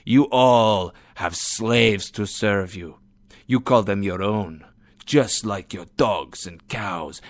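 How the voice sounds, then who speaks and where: A man's voice: on the low side, no echo, clean studio sound. A man voicing a vengeful, unyielding moneylender in a read-aloud story, stern and emphatic.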